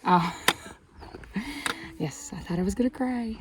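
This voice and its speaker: A woman vlogging casually outdoors on a mountain trail, chatty and excitable, laughing often and at times out of breath, into a handheld camera. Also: medium pitch, unhurried, noisy background. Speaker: travel vlogger. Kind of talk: casual hiking vlog.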